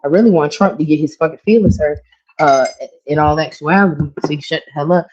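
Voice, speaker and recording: A woman's voice: deep voice, brisk, a little mellow, a little hiss or hum. A woman co-hosting a podcast, ranting in casual, profane slang. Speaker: podcast co-host. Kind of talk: casual political chat. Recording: dull lo-fi stream audio.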